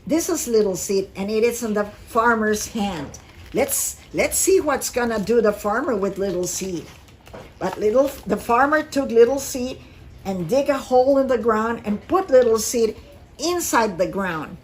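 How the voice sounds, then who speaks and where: A woman reading a picture book aloud to young listeners with expressive storytelling. Her voice sits a little high and carries a gentle teacherly tone. A faint hiss lingers in the background. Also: low-quality recording. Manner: expressive and slow-paced storytelling.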